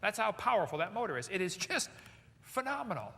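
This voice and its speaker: A man's voice: sits high, lively intonation, fast talker, vocal fry, pushed and bright. A man giving a live seminar lecture to an audience, firing off rhetorical questions with joking asides. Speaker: seminar speaker. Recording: echoey hall with long reverb.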